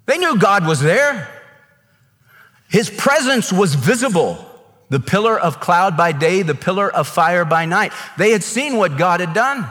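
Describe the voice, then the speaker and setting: A man's voice: sits high, big pitch swings, measured pace, fairly bright tone. A man preaching a sermon as a pastor, earnest and emphatic, acting out quotes in voices. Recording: long reverb of a large hall.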